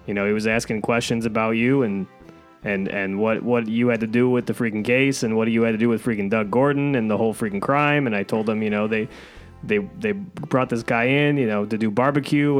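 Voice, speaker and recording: Male, mid-pitched, hesitant storyteller in a comedy bit. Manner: hesitant, halting, says freaking often.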